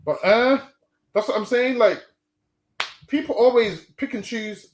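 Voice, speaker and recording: Emphatic high-voiced street preacher man. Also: unhurried, roomy sound, a little hiss or hum. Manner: emphatic, repeats "man" and "listen".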